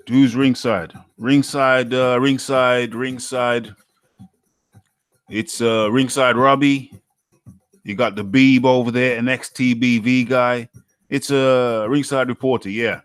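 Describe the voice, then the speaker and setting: Man, from the UK, live-stream host, casual chat, reads out viewer names, smooth resonant voice, dry close sound. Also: mid-range voice, dry recording.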